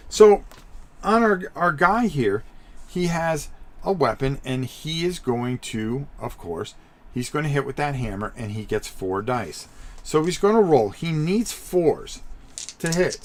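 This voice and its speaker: Chatty man explaining game rules. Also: mid-range voice. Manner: rambling, repeats himself, chatty asides to viewers. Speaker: tabletop game host. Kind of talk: casual live-stream rules walkthrough.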